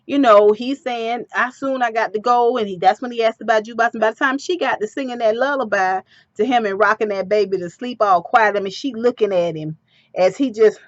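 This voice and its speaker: A woman giving a casual, animated recap of a TV episode with personal asides. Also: fairly high pitch, a little fast, no room sound, lo-fi sound.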